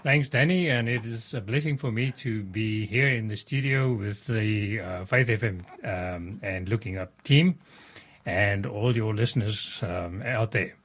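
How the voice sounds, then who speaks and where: A man with a South African accent speaks as a guest in a radio studio. His voice sits on the low side, and he answers politely, pausing often with small fillers. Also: fairly bright tone. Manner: polite, hesitant, many ums. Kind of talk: radio interview.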